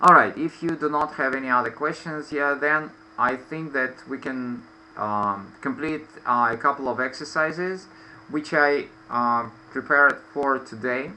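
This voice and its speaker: A man's voice: mid-range voice, a little slow, sharp tone, a little hiss or hum, rough recording. A man teaching English in an online lesson, explaining patiently with many fillers. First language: Russian. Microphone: video call.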